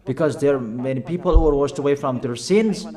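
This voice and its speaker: A man preaching a sermon, urging his listeners with repeated commands and slow, halting phrasing. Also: mid-range voice, mellow. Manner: emphatic, repetitive exhortation.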